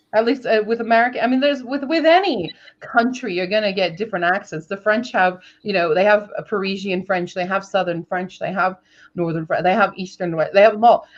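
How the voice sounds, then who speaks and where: A woman's voice: mid-range voice, dull audio. A woman co-hosting a casual writing-sprint stream, chatting and musing aloud with frequent laughs. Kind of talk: casual group chat on a livestream.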